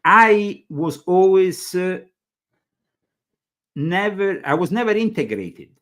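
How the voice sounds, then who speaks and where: This talk show host from Italy has a high, slightly bright voice with lively intonation, and he speaks at a slow pace. He interviews in a rambling, hesitant, casual way, leaning heavily on fillers, with an Italian accent.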